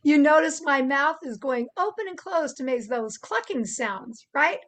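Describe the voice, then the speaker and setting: An older woman talks gently to children, easing them into imitating animal sounds. Her voice sits high and swings widely, and she speaks at an unhurried, slow pace. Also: expressive. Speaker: children's presenter. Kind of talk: gentle instructional talk to children.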